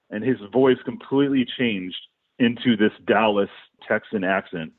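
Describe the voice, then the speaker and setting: A middle-aged man, a musician guest, telling rambling, animated anecdotes in a casual podcast interview. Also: on the low side, measured pace, no room sound. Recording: dry, phone-like.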